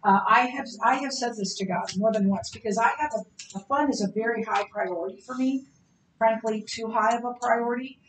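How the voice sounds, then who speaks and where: A woman teaching a Bible class in a conversational lecture style, chatty and animated, with many fillers and restarts. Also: fairly high pitch, fairly quick, distant mic. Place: church classroom. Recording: roomy echo with faint background hiss.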